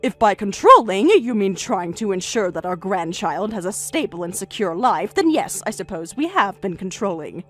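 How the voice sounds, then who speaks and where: Firm, measured older grandmother, read by a woman, lively in pitch, with soft music underneath. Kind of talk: story narration with dialogue.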